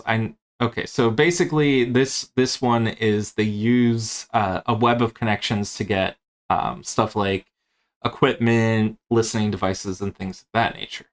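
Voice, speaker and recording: A man's voice: lowish voice, normal speed, fairly bright tone. A man who presents tabletop games, casually walking through a rulebook in a rambling way with many fillers. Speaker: game master and tabletop game presenter.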